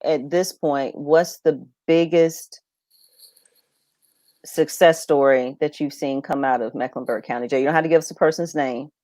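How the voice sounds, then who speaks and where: A woman's voice: very deep voice, darkish tone. A woman hosting an interview, encouraging her guest and asking questions. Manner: encouraging, lots of listening murmurs. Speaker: talk show host.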